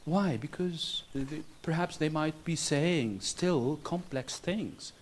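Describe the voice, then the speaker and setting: Slow-speaking man lecturing. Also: a little high, a little hiss or hum. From Tunisia. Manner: slow, deliberate, chuckles at his own anecdotes. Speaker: university lecturer. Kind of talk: lecture to interpreting students.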